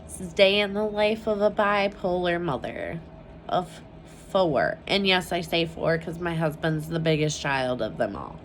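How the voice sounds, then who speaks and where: A mother speaks candidly to her camera at home, her voice sitting a little low and moving at a slow, unhurried pace. She is open and emotional, leaning on filler words and casual swearing as she talks. A faint hiss of noise hangs behind her. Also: expressive. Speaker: mother vlogging about her family. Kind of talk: casual personal vlog chat.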